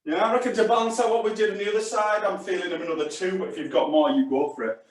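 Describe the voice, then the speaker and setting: A man's voice: high voice, steady tone, very fast, a little hiss or hum. A male fitness instructor leading a live class, chatty and encouraging, calling short exercise cues. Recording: very echoey room, distant mic.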